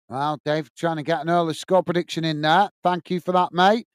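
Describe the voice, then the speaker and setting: English bloke doing a football watchalong, higher voice, smooth and dry, keeps thanking chat. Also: male voice, steady tone, moderate pace, few pauses, dry recording. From England. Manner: chatty, thanks viewers by name, calls them mate. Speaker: football watch-along host. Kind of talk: live match commentary and chat reading.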